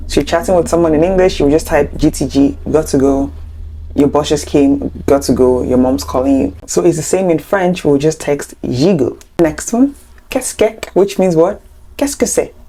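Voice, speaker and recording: A woman's voice: low voice, moderate pace, mellow. A young woman teaching an online language lesson, explaining step by step in a chatty way with playful asides. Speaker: French teacher.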